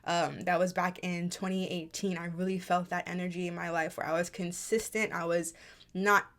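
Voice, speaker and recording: Young woman, personal vlog host, soft-spoken, thoughtful and open. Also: fairly low pitch, level tone, normal speed. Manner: soft-spoken, reflective, with frequent fillers. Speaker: YouTuber.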